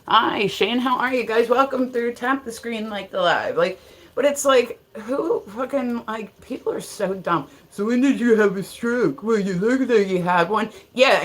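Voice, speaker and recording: A woman from Ohio chatting casually on a livestream, greeting viewers by name and swearing bluntly. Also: medium pitch. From Ohio, USA. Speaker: livestream host. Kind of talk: casual live-stream chat.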